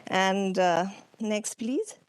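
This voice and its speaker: A woman with an Indian English accent presenting a lecture with slides, unhurried, with many ums and uhs and questions to the audience. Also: medium pitch, smooth, dry recording. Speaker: workshop speaker. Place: conference hall.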